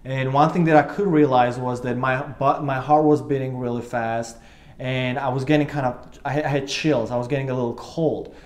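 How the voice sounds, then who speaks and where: A man's voice: mid-range voice, steady tone, normal speed, darkish tone. A man in his twenties earnestly recounting a personal experience, rambling with many fillers and restarts. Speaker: vlogger telling his own story. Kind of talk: personal storytelling to camera.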